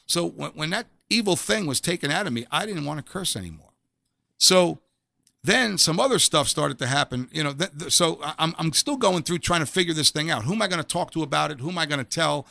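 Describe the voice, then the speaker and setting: A man's voice: on the high side, lively intonation, brisk, creaky, pushed and bright, dry recording. A middle-aged man telling his personal faith testimony in an interview, earnest and emphatic, often repeating the first word of a phrase. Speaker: guest sharing a faith testimony.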